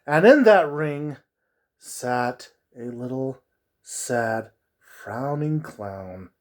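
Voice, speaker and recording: A man telling a spooky story in a slow, drawn-out, hushed dramatic delivery with a soft, husky voice. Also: mid-range voice, lively intonation.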